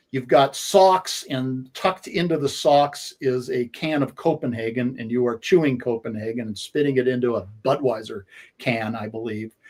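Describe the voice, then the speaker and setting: Sports radio co-host in his 60s, storytelling, halting delivery full of fillers. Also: mid-range voice. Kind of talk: conversational storytelling.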